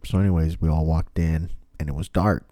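Casual co-host, deep voice, dry room, loose storyteller who swears. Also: male voice, fairly even intonation, a little fast, warm tone, no room sound. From family from Mexico. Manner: rambling storyteller, swears freely. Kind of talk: casual chat.

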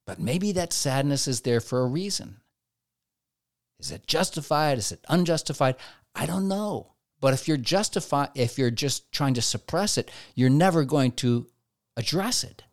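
A man delivers a relaxed, conversational teaching talk with a Christian slant. His voice sits at a middling pitch, and he often slips into short acted-out snippets of everyday dialogue to make a point. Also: moderate pace. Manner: acts out everyday dialogue in quoted asides.

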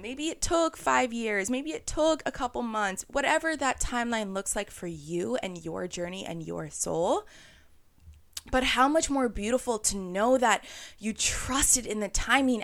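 Gravelly-voiced woman hosting a spiritual podcast. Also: fairly high pitch, fairly bright tone, no room sound. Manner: earnest, conversational, acts out inner voices. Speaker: podcast host.

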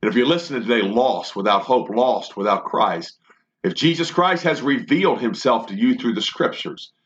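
A man's voice: medium pitch, expressive, normal speed, a bit bright, highs cut off. A man giving a Bible teaching sermon for a broadcast, fervent and rhythmic, with repeated phrases. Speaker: preacher.

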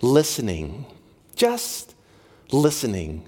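A pastor preaching a sermon, lively and talking straight to his congregation during a church service. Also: mid-range voice, takes it slowly, breathy edge. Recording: long reverb of a large hall.

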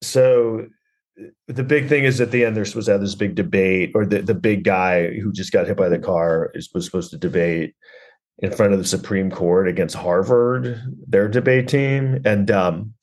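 A man's voice: fairly low pitch, steady tone, normal speed, darkish tone. A man hosting a podcast, recapping a film in a rambling, sarcastic way, full of fillers and swearing. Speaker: podcast host reviewing a film.

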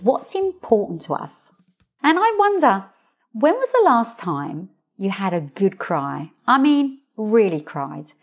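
A woman hosting her own podcast as a coach, talking straight to listeners with expressive, playful storytelling. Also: medium pitch, unhurried, soft background music. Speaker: podcast host, coach and hypnotherapist. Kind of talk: solo podcast monologue.

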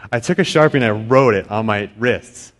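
A man's voice: on the low side, normal speed. Conversational middle-aged man preaching. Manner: conversational, acts out inner voices, repeats words when restarting. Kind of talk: sermon.

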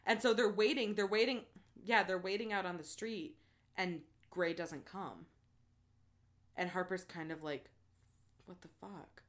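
A young woman in casual chat who gushes through a story, piling on "like" and the odd swear word. She is lively and informal, often jumping in with asides. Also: lowish voice, unhurried. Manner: animated, chatty, heavy use of "like" and swearing. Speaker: book fan retelling a plot.

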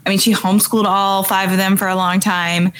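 A woman co-hosting a casual chat, telling a story in an animated way. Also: medium pitch, a little fast.

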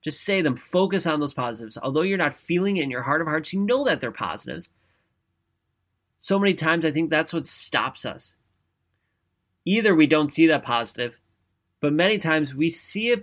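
A man giving an energetic, conversational motivational talk, often checking in with "right?". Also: on the high side, normal speed. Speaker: motivational speaker.

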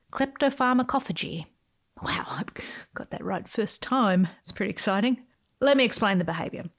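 A woman hosting her own podcast, reading a playful, whimsical script with sudden swoops in pitch. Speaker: podcast host.

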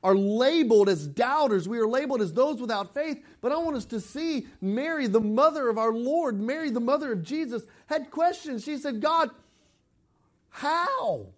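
High-voiced man preaching a sermon. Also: animated, moderate pace, hardly any pauses. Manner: conversational preaching, rising to emphatic scripture quotes. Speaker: pastor.

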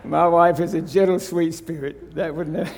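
A man's voice: fairly high pitch, steady tone, moderate pace, gravelly, a little mellow. A man in his sixties or seventies, a visiting preacher in a church, talking in a folksy, self-deprecating way before a reverent prayer and scripture reading. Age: 60s or 70s. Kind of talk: sermon.

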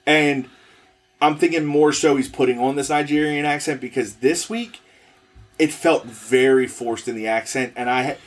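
A man's voice: medium pitch, fairly even intonation, normal speed. A man co-hosting a casual wrestling podcast, hesitant and thinking aloud with frequent restarts. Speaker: podcast co-host.

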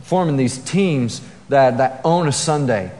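A man preaching a sermon as pastor, telling stories in a relaxed, conversational way full of fillers and restarts. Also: mid-range voice, a little slow. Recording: long hall reverb.

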